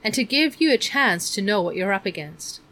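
A woman reading aloud, voicing an ancient, creaky-voiced woman who explains things earnestly and fondly. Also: mid-range voice, very animated, brisk, sharp tone. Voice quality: creaky, like an unoiled hinge.

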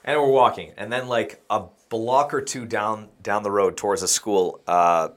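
A man's voice: lowish voice, fairly even intonation, moderate pace. A young man and podcast co-host telling a rambling story in casual chat, laughing and acting out what people said. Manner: rambling, laughing, acts out quoted lines.

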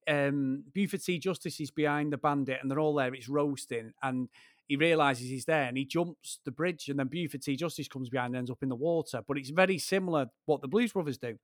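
A man's voice: mid-range voice, fairly quick, dry recording, studio quality. Man telling rambling stories. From Greater Manchester, England. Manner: rambling storyteller, swears freely, keeps addressing his co-host. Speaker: podcast co-host. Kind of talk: casual chat.

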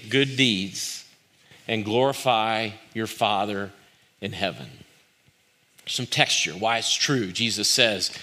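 A man preaching as a church pastor, earnest and conversational, pausing with fillers and inviting the congregation to speak along. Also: medium pitch, pushed and bright. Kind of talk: sermon with prayer.

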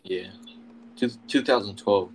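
A man's voice: lowish voice, a little slow, a little hiss or hum, rough recording. A man in casual chat, giving brief agreeing responses.

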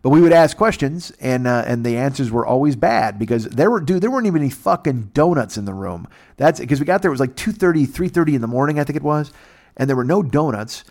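An American man telling a long comic story in casual chat, animated and profane, putting on voices for the people in it. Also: medium pitch, fast. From United States.

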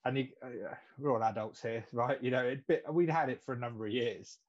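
A man's voice: mid-range voice, brisk. A man, co-hosting a podcast and telling jokey stories in casual chat. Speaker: podcast co-host. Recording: slightly dull lo-fi sound.

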